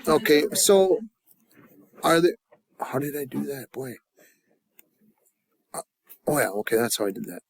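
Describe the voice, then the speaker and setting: Relaxed man teaching a class, dry sound. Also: mid-range voice, breathy edge, dry recording. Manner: drills phrases slowly, then chats loosely. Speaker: language teacher.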